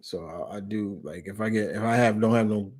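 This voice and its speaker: A man's voice: lowish voice, brisk, darkish tone. A man hosting a live stream Q&A in casual chat, rambling and often restarting or correcting himself mid-sentence. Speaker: live stream host answering viewer questions.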